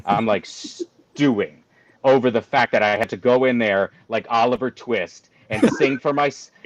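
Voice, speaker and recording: Guy ranting animated about his day, sounds kinda dull and dry like a call. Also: medium pitch, dry recording. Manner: animated, exasperated ranting with exaggeration. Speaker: guest cigar company representative. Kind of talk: casual chat, animated storytelling.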